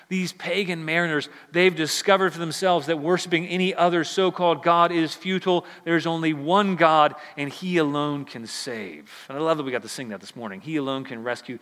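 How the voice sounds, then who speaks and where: A man preaching a sermon as pastor, swinging between loud, fast bursts and low, quiet stretches. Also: in a large hall. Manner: animated preaching, surging loud and high then dropping low.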